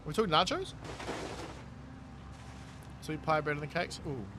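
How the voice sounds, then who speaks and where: A man's voice: a little high, animated, a little slow, background noise. A man, chatting casually with his live-stream viewers as he plays, reading chat aloud and laughing often. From New Zealand. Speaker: game streamer.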